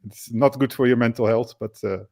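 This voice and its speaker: A man on a podcast, talking in a halting way and searching for words. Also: mid-range voice, fairly even intonation, warm tone. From Netherlands.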